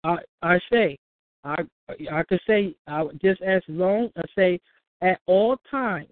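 A woman's voice: fairly low pitch, measured pace, dry recording. A woman hosting a call-in show, giving casual advice, often restarting and acting out little dialogues. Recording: tinny phone line.

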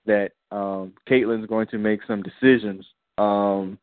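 A man's voice: fairly low pitch, steady tone, a little slow, no echo. A man co-hosting a podcast, casually recapping episodes and acting out characters' lines in slang. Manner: laid-back, acts out characters' lines in slang. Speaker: podcast co-host. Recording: tinny phone-like line.

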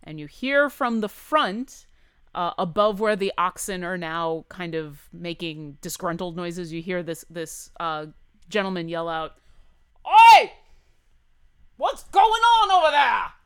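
Smooth-voiced woman game master. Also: on the low side, a little slow, no echo, studio quality. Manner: descriptive, relaxed, with hesitant fillers. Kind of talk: narrating a tabletop game.

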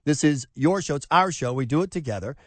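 A man hosting a talk radio show, excitable and exasperated, stammering and restarting as he talks in a studio. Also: fairly high pitch, fairly quick, no echo.

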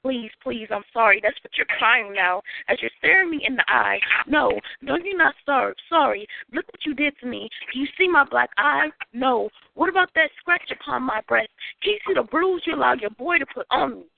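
Woman poet, gravelly voice, confrontational spoken word, tinny phone-line sound. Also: high voice, animated, normal speed, heavy background noise. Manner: raw, confrontational delivery. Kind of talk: performing spoken-word poetry.

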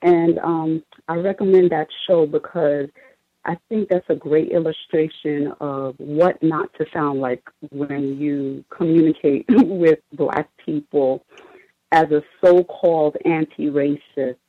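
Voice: mid-range voice, fairly even intonation, slow pace, dry recording. A caller on a radio show, giving a plainspoken, critical comment. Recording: tinny phone line.

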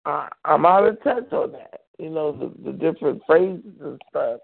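A woman in her forties chatting casually as a podcast co-host, animated and acting out quoted voices. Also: normal speed, creaky. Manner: animated, acts out quoted voices with big pitch jumps. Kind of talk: casual chat, storytelling. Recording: tinny phone-like sound.

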